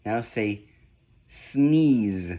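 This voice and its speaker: A man slowly giving spoken sound-swap drills, one deliberate prompt at a time. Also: mid-range voice, animated, mellow. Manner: slow, deliberate, evenly paced prompts. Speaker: reading test examiner. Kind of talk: slow scripted phoneme drill.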